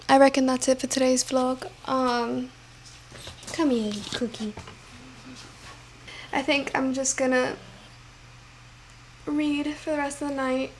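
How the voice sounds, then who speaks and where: A woman's voice: high voice, level tone, measured pace, long pauses, slight background noise. A young woman vlogging at home in her kitchen, rambling and heartfelt, with lots of fillers. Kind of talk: casual chat.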